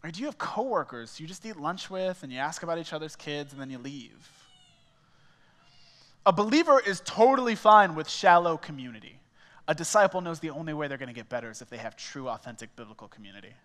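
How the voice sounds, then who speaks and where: A man's voice: on the high side, expressive, a little fast, fairly bright tone. A young man preaching a sermon as a small groups pastor, telling stories in a conversational, self-mocking way. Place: church auditorium. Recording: reverberant church hall.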